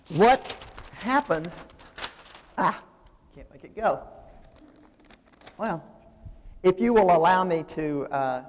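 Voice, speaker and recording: A woman giving a seminary lecture in a conversational, digressive way, with frequent fillers and restarts. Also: low voice. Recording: reverberant lecture hall.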